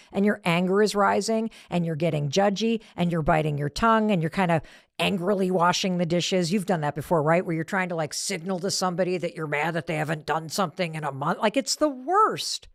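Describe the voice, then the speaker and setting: A woman's voice: fairly low pitch, fairly quick, vocal fry, no echo, clean studio sound. A middle-aged woman giving a motivational talk, telling a family story and acting out the voices of the people in it. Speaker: motivational speaker.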